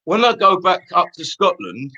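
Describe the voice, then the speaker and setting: Give me a man in his fifties with an Essex accent, rambling and laughing easily in a casual chat, with a bright, slightly high voice. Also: sing-song, moderate pace, highs cut off. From Essex, England. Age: 50s. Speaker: stage singer and guest.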